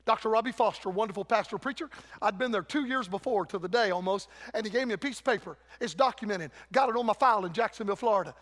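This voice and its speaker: High-pitched fervent preacher. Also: male voice, fast talker, few pauses, fairly bright tone. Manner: fervent, folksy, calls out to the congregation. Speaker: guest preacher. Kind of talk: revival sermon. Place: church sanctuary. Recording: long church hall reverb.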